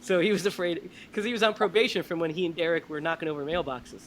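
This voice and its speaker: A man hosting a podcast, telling stories in a lively, animated way. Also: a little high, slight background noise, low-quality recording. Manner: animated storyteller, laughs often. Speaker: podcast host. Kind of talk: casual chat.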